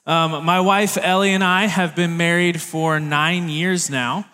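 Joking youth pastor in a reverberant hall. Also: male voice, a little high, steady tone, unhurried, sharp tone, smooth. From Tennessee, US South. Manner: friendly, joking, playful with the congregation. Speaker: youth director preaching. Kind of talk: sermon. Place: church sanctuary stage.

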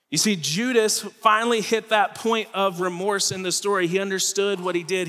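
A man preaching a sermon as pastor, earnest, letting his voice fall low and soft at the ends of phrases. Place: church auditorium stage. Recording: reverberant hall with faint music.

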